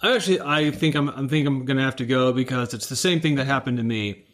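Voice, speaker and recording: Man, player, mid-pitched voice, hesitant, lots of fillers. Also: fast. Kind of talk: casual tabletop game chat.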